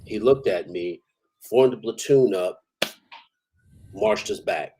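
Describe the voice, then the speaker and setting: A man's voice: on the low side, slow pace, dark tone, a little hiss or hum, rough recording. A man, an army veteran, telling stories in a casual, profane, rambling way and chuckling now and then. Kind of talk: casual storytelling.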